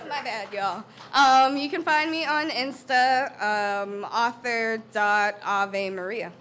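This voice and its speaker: Slow-speaking woman poet leading a chant. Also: fairly high pitch, noisy background. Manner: leading the crowd in a call-and-response chant. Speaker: performing poet. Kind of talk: spoken word poetry at an open mic. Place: live open mic in a community center.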